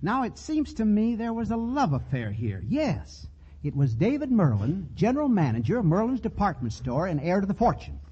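A man hosting a 1940s radio comedy theater in a genial, chatty showman manner, with a husky voice on a dull old broadcast recording. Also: high voice, huge pitch swings, moderate pace, dark tone. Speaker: host.

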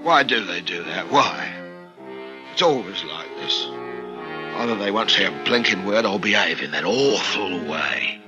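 A man's voice: sits low, animated, unhurried, muffled recording, over music. A man playing a lonely bitter hangman. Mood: self-pitying. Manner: sullen muttering, flares into shouting. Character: lonely bitter male hangman, working class. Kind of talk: radio drama acting.

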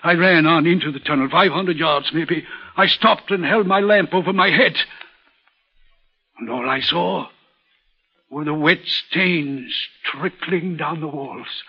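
A troubled railway signalman with a husky, slightly high voice in an old-time radio drama. He tells his tale urgently and earnestly. The recording is muffled like an old radio broadcast. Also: measured pace. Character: haunted, nervous male railway signalman.

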